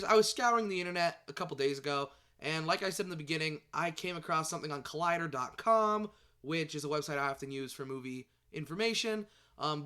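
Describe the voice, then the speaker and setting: A man vlogging about movies in casual chat, excitable and rambling, swearing and tripping over his words. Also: a little high, smooth.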